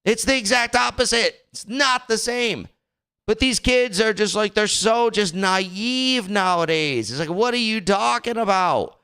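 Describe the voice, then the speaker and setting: A man's voice: high voice, unhurried, sharp tone, clear, resonant tone. A young man hosting a podcast in casual talk, rambling and exasperated, slipping into mocking voices. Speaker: podcast host.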